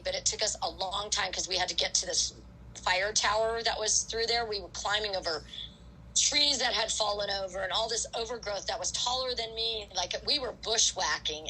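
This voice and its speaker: A middle-aged woman as a podcast guest, telling a story in a casual, animated way, full of "like" and acted-out quotes. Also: medium pitch, a little hiss or hum, low-quality recording. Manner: animated storyteller, acts out quoted voices, frequent "like". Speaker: guest ultrarunner.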